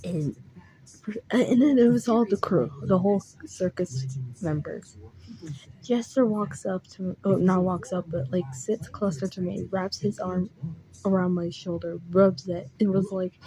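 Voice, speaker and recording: Young woman vlogging, slow and rambly, mellow soft voice, lots of "like". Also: on the low side, steady tone, poor audio. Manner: rambling, heavy use of "like", frequent restarts; emotional, recounting dreams. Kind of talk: casual storytelling.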